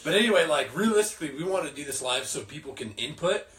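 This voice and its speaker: A man's voice: a little high, animated, fairly bright tone. Laid-back young guy in an echoey room. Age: 20s. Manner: laid-back, agreeable, quick to laugh. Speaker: podcast co-host. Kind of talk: casual live-stream chat. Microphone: phone recording. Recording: roomy echo with faint background hiss.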